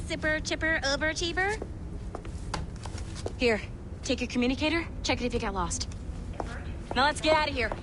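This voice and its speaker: An actress playing a sharp-tongued, sarcastic female tech agent in a video game, with steady ambient noise behind. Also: high-pitched. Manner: brisk, sarcastic.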